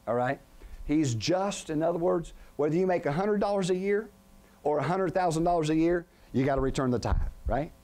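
A middle-aged man pastor preaching a sermon in a tent, often pausing to let the congregation finish his lines. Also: high voice, a little mellow. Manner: call-and-response questions to the congregation.

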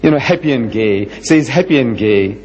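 A man's voice: expressive, moderate pace, darkish tone. A man in his seventies giving an emphatic, rhetorical religious lecture. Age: 70s. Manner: emphatic, rhetorical, with dramatic swings in pitch. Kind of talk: public lecture. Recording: dull lo-fi recording with long hall reverb.

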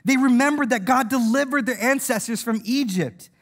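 At a normal speed, a very high-pitched man gives a playful, energetic sermon, laughing along with his own stories. He puts on voices for the people he quotes.

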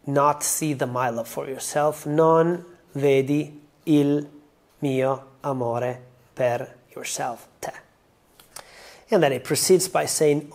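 Slow-paced Italian-accented man teaching. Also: mid-range voice, steady tone, a little mellow. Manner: careful, step-by-step explaining. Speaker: language teacher. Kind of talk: explaining song lyrics to learners.

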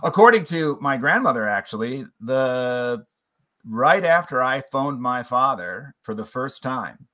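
A man guest on an interview podcast, telling a personal family story in an earnest, reflective way that slows on emotional points. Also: mid-range voice, sing-song, sharp tone. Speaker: podcast guest, playwright and author.

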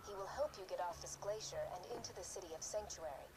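A woman narrating as a calm, mysterious female guide in a video game, measured and storytelling. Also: medium pitch, crowd noise, natural voice. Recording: noisy game audio capture.

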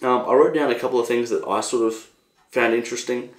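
A young Australian man hosting a casual solo podcast, rambling and animated, swearing freely. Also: mid-range voice, quick pace, echoey room. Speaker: podcast host.

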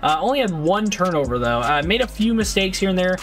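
A man with a high, bright voice giving live gameplay commentary. His pitch leaps around as he shifts between excitement and frustration, yelling at teammates and swearing in casual slang. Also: a little fast, faint music behind. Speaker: gaming YouTuber.

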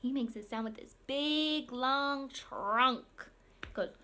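A woman's voice: high-pitched, takes it slowly, noisy background. A young woman reading a picture book to young children in an exaggerated sing-song voice, making animal sounds. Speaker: speech language pathologist.

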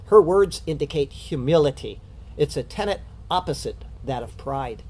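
A man giving a verse-by-verse Bible study, explaining the text in a measured teaching manner with rhetorical questions. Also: fairly high pitch, lively intonation, a little mellow, a little hiss or hum.

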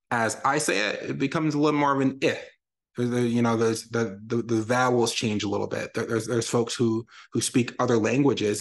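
Energetic man teaching letter sounds. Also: mid-range voice. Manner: energetic, explains with sound examples. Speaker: reading educator. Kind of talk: virtual lesson Q&A for parents. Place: lives in Texas.

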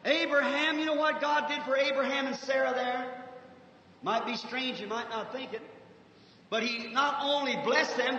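High, bright-voiced preacher in an echoey hall. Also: male voice. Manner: folksy, fervent, swings between soft asides and shouting. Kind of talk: revival sermon. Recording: 1950s archive recording, echoey hall, dull lo-fi, faint hiss.

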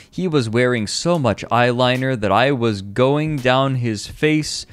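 A man streaming a comedic dramatic reading, deadpan and slow, with laughing asides. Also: fairly low pitch. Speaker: streamer reading a fanfic aloud.

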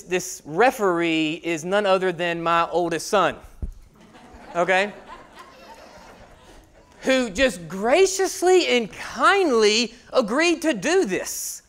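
A man in his thirties preaches a sermon. His voice sits high, and he tells a personal story with lively delivery, jumping between shouted lines and hushed asides. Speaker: pastor.

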